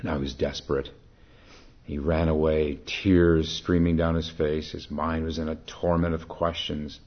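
A man giving a dharma talk as a meditation teacher, telling a story and reflecting in a calm, unhurried way. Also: a bass voice. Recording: dull lo-fi recording.

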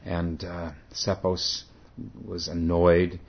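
A man with a very deep voice gives a dharma talk as a Zen teacher, telling a story haltingly with frequent self-corrections. The recording is dull and lo-fi. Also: monotone.

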